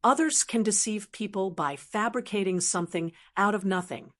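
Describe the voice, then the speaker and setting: A proud young dragon queen speaks flatly and matter-of-factly, as a woman reads her in an audiobook. Her voice sits a little higher than the narration and stays composed. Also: normal speed, natural voice. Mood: cool. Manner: flat, matter-of-fact.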